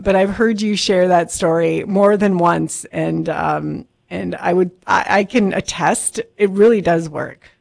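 A woman hosting a radio interview, talking in a relaxed, conversational way with some fillers. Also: mid-range voice, vocal fry. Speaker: radio host.

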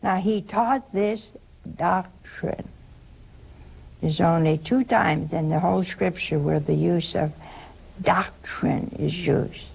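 Slow, gravelly older woman preaching. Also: lowish voice, darkish tone. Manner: slow, emphatic, repeats key phrases. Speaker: religious radio host answering callers. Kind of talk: preaching call-in radio answer.

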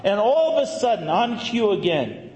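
A man, a Catholic priest, telling a story in a sermon with a lively, conversational manner and emphatic bursts. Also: high-pitched, moderate pace, a little hiss or hum. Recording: echoey hall, faint ambience.

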